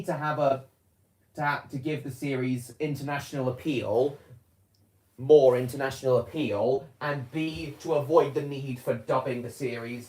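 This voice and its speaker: A man talks casually at an ordinary middle pitch, stopping and restarting his sentences, often filling gaps with "um" and "uh". His voice bounces around a room with a noticeable echo. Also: darkish tone. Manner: rambling, hesitant, many fillers and restarts. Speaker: vlogger. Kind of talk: casual chat. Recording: roomy echo.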